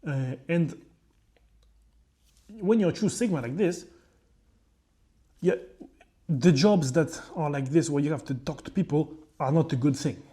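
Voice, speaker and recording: Young French-accented male vlogger, mellow and dark, slightly high, rambling and swearing casually. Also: measured pace, long pauses. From France. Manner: rambling and profane, with frequent asides. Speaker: chef and fitness creator. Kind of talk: casual vlog monologue.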